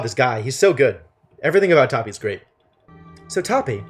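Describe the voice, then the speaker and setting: A male streamer chatting casually over his game, excitable and thinking aloud as he works through puzzles. His pitch bounces widely while soft music plays behind him. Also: fast talker.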